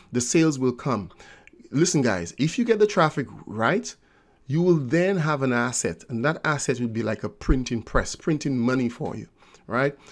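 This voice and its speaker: A man talking straight to his viewers about his online business model. He talks with energy, fills in with "you know", and keeps checking in with "right?". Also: mid-range voice. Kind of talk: casual pitch to viewers.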